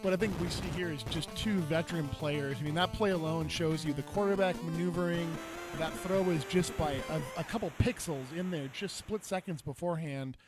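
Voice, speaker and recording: A man's voice: on the high side, normal speed, over music. A man co-commentating a retro football game tournament, earnest and chatty in his analysis. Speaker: co-commentator and player.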